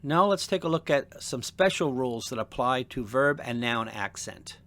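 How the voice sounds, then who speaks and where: A man teaching a seminary language lesson in a measured, deliberate, scripted narration. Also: mid-range voice, animated, fairly bright tone. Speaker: seminary instructor.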